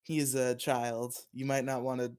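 A man's voice: mid-range voice, flat delivery, a little slow, darkish tone. Man, podcast co-host, casual banter, joking, swears a lot, laughs a lot.

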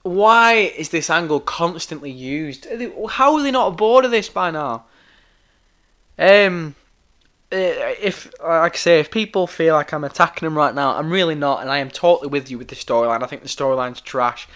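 A hoarse man hosting a podcast, ranting heatedly and swearing a lot, often repeating himself. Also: fairly high pitch, normal speed, a bit bright. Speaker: podcast host. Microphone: podcast microphone.

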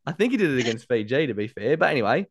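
A medium-pitched man talks in a rapid-fire, sing-song way over background noise, co-hosting a casual rugby league podcast. He's playful and argumentative, often laughing while reading out results.

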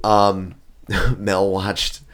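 A man co-hosting a casual chat, telling animated stories full of slang and playful swearing. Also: sits low, drawn-out words. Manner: animated, joking storyteller who acts out quotes, heavy slang and swearing. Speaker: podcast co-host.

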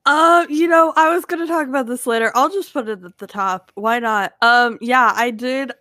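A woman's voice: medium pitch, bright, forceful tone, no room sound, studio quality. A woman co-hosting a casual podcast, rambling and hesitant with lots of fillers. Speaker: podcast co-host.

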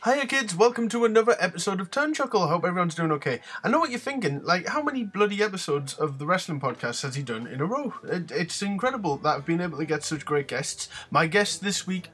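A man's voice: high voice, lively intonation, a little fast, few pauses, fairly bright tone. A man hosting a podcast in a casual monologue, rambling along with plenty of fillers and restarts. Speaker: podcast host.

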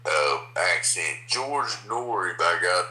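A man's voice: sits low, animated, slow pace, bright, forceful tone. A man with a North Carolina accent chatting casually on a podcast, folksy and full of "by God" and "I tell you what.". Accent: North Carolina Southern. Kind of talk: casual chat. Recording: roomy echo.

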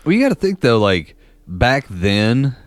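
A man's voice: mid-range voice, very animated, unhurried, dry recording. A man co-hosting a casual podcast chat, telling stories in a loose, rambling way full of fillers. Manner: rambling, filler-heavy storytelling with laughs. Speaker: podcast co-host.

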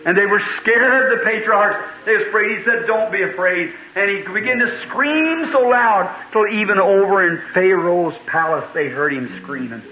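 Fervent preacher on an old tinny recording. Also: male voice, high voice. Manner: fervent, folksy storytelling, rising to cries. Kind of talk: revival sermon. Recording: tinny, echoey 1950s tape recording.

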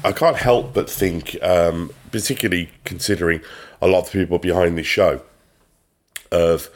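A man co-hosting a podcast, recapping a TV episode in casual chat, rambling with many pauses and restarts. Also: low voice. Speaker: podcast co-host.

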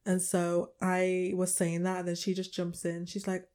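A woman's voice: on the low side, unhurried. A young woman with a Liverpool accent, co-hosting a casual chat podcast and telling stories while acting out what others said. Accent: Liverpool English. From England. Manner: animated storytelling, acts out others' lines. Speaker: podcast co-host.

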